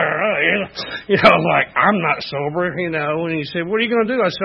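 A man's voice: on the high side, brisk, creaky, breathy edge, dull audio. A middle-aged man giving a candid, rambling personal testimony at a recovery meeting, full of "you know" fillers. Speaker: speaker sharing recovery story.

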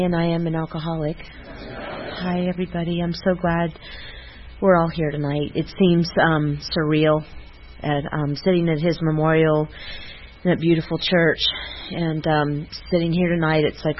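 Woman giving a halting personal tribute. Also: sits low, slight background noise. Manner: halting, with many fillers and restarts. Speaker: speaker at a recovery meeting. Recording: muffled lo-fi recording.

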